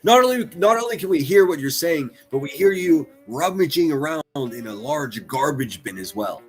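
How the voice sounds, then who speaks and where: A male streamer riffing with crude, sarcastic mockery, his pitch swinging up and down as he talks. Faint music plays under his voice. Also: expressive, moderate pace. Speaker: commentary streamer host. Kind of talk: livestream reaction commentary.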